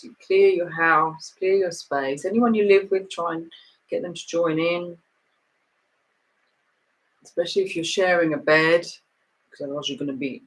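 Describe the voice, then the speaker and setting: A woman's voice: fairly low pitch, poor audio. Woman casually guiding breathing exercises. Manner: loose, rambling instruction with frequent restarts. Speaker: meditation and breathing teacher. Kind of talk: casual guided breathing and stretching session.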